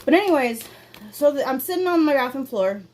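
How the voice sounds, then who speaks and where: A woman's voice: sits high, lively intonation, a little fast, a little mellow, a little hiss or hum. A young adult woman hosting a casual confessional podcast at home, rambling candidly with lots of fillers and swearing. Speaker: podcast host. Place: indoor room at home.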